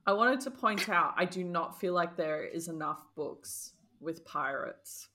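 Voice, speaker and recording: A woman's voice: on the low side, animated, measured pace, pushed and bright. A young woman co-hosting a book podcast, talking bluntly and swearing casually. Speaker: podcast co-host. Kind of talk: casual chat.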